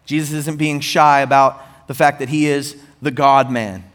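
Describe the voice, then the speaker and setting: A man preaching a sermon as pastor, animated with rising emphasis and conversational asides to the congregation. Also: on the high side, unhurried.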